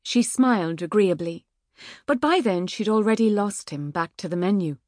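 A woman reading an audiobook in a measured, wry manner. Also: medium pitch, expressive, a little mellow, no room sound, clean studio sound. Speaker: audiobook narrator. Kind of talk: scripted narration. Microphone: studio microphone.

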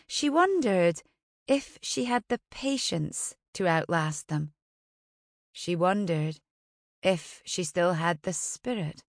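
A woman reading a novel aloud as an audiobook narrator, in a measured, somber way. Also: fairly low pitch, animated, dry recording, clean studio sound. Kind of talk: scripted narration.

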